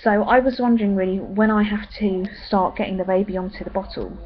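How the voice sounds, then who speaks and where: A young woman chatting in a rambling way with many pauses and ums. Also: medium pitch, steady tone, muffled recording, slight background noise. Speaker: vlogger. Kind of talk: casual pregnancy update vlog.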